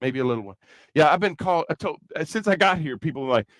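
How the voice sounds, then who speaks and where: A man with a Kentucky accent preaches to young people in a high, bright voice, mixing jokes into the sermon. The sound is dry and close, with no room echo. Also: fast talker. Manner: chatty, joking, animated preaching. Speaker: youth rally speaker. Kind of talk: conversational sermon with comic asides.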